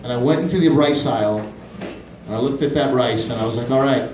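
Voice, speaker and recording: A man in his thirties doing a stand-up comedy set in a small club, animated and quick to jump into high-pitched voices for his bits. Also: background noise. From Pakistani family, grew up in Canada. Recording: roomy club from a distant mic.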